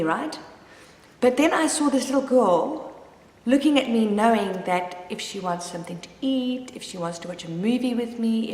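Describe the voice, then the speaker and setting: Brief: candid mom vlogger, rambling and open, in a roomy space with a long reverb tail. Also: female voice, a little high. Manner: candid, rambling, with frequent restarts. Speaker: mother sharing her story. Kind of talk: personal confessional vlog.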